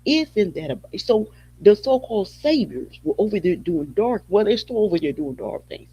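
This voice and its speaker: Man, podcast host, emphatic preaching commentary, fairly high voice. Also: sing-song, normal speed, mellow, slightly rough, dry recording. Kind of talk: impassioned spoken commentary. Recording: dull lo-fi audio.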